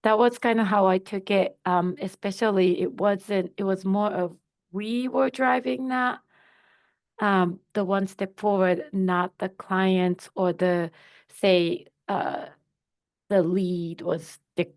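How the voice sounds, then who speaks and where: A woman's voice: medium pitch, a little slow, creaky, darkish tone. Hesitant woman telling a project story. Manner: hesitant, many fillers and restarts. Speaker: webinar participant. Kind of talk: casual spoken anecdote.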